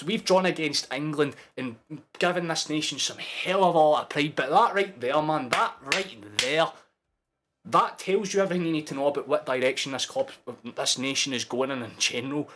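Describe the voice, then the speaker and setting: Excitable young Scottish man, sweary. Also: on the high side, background noise. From Scotland. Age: 20s. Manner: excitable, sweary, shouting at big moments. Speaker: streamer hosting a match watchalong. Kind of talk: live football watchalong commentary.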